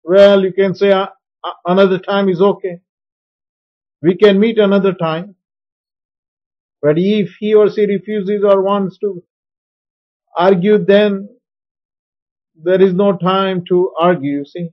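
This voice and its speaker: A man preaching a teaching sermon on sharing faith, slow and emphatic in his instructions. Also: sits high, fairly even intonation. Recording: dull lo-fi recording.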